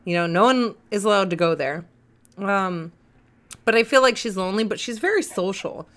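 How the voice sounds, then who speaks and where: Brief: young woman, podcast host, bright forceful voice, loose rambling chat. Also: medium pitch, lively intonation. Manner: chatty, rambling, quick to laugh. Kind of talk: casual chat.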